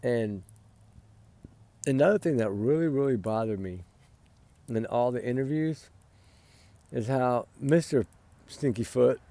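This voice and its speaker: A man's voice: medium pitch, expressive, measured pace, long pauses, warm tone, dry recording. A tired man giving his casual opinions on a case, rambling and often asking "right?". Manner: rambling, repeats "right?", sighs and yawns. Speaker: commentator on a missing-child case.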